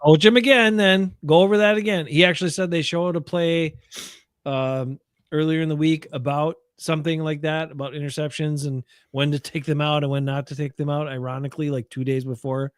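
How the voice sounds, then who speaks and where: A man co-hosting a sports talk stream, exasperated with the plays and quick to swear. His voice sits a little high. The recording is close and dry. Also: steady tone, clean tone, no echo. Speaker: podcast co-host. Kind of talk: casual sports chat.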